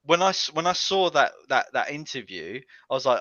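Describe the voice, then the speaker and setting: A man's voice: mid-range voice, lively intonation, quick pace, few pauses, bright, forceful tone, no room sound. A man guesting on a casual podcast chat, hesitant and often restarting his sentences. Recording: dull lo-fi dry sound.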